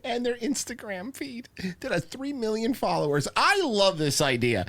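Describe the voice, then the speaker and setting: Excitable, swearing podcast host. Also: male voice, sits high, moderate pace. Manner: combative, profane, excitable. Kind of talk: casual chat.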